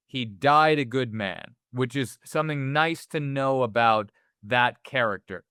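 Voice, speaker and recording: A man's voice: mid-range voice, a little slow, few pauses, bright, forceful tone, clear, resonant tone, no room sound, clean studio sound. A man co-hosting a movie podcast, talking casually and animatedly, swearing often and acting out characters' lines. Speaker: podcast co-host.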